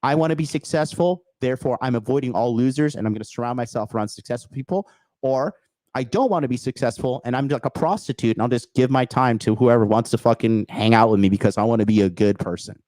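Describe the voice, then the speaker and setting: A man's voice: mid-range voice, fast talker, darkish tone, dry recording. A man hosting a call-in dating advice show, talking bluntly and profanely in a lecturing way. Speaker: dating coach host.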